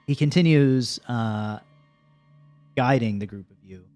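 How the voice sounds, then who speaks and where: A man running a tabletop fantasy game as game master, narrating scenes slowly and in a hushed, storytelling tone. His voice is middling in pitch, with soft music faintly under it.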